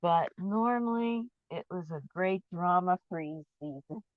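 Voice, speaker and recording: A woman's voice: fairly low pitch, measured pace, dry recording. A woman talking in a casual personal vlog, candid and open about her feelings, rambling and often trailing off to restart her thought. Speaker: vlogger. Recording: dull, dry lo-fi recording.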